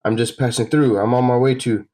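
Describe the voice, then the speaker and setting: A sneering comic-book bandit with a giggle in his voice, as a man reads him aloud, pitched up a few steps above the reader's own low voice and pushed louder. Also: steady tone, fairly quick, close to an everyday voice. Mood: taunting. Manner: taunting, with a little giggle. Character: cocky male bandit, mocking and giggly.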